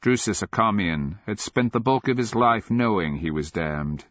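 A man giving steady, measured scripted narration of a fantasy audiobook, on a dull lo-fi recording. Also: lowish voice, no room sound.

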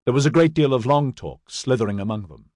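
A man giving a scripted audiobook narration in a steady, even storytelling manner. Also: medium pitch, brisk, no echo, clean studio sound.

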